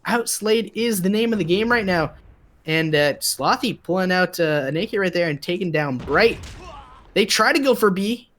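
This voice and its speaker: A young man casting a mobile esports match live, chatty and relaxed, greeting viewers in the chat. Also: high voice, moderate pace, a little hiss or hum. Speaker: esports caster.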